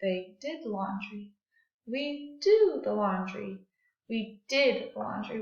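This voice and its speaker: A woman teaching a recorded grammar and phonics lesson to second graders, speaking slowly and clearly and leading the class through call-and-response drills. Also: mid-range voice. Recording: echoey room, dull lo-fi sound.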